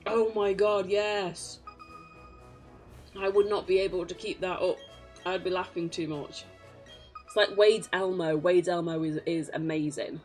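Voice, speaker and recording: A woman's voice: lowish voice, steady tone, measured pace, pauses often, a little mellow, soft background music. A young British woman chatting casually on a live game stream, laughing often and poking fun at herself. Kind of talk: casual live-stream chat while gaming.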